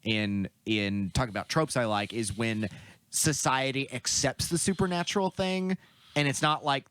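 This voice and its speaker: A man co-hosting a casual movie podcast, summarizing a film in a relaxed, conversational way with fillers. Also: mid-range voice, normal speed, clear, resonant tone. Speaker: podcast co-host.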